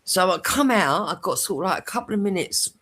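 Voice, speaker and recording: A woman's voice: fairly low pitch, animated, brisk, fairly bright tone, husky. A British woman hosting a casual podcast chat, telling a crude story with lots of swearing and laughter.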